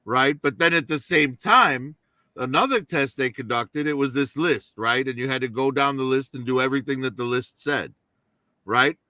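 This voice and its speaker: Man, casual chat, bright tense voice, dry close sound, keeps asking right?. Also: medium pitch, moderate pace, dry recording. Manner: storytelling with frequent "right?" tags.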